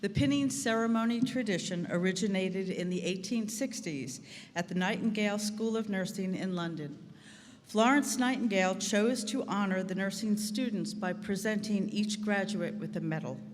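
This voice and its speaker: A woman acting as master of ceremonies, reading scripted remarks in a measured, formal way. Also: mid-range voice. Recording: long hall reverb, faint background noise.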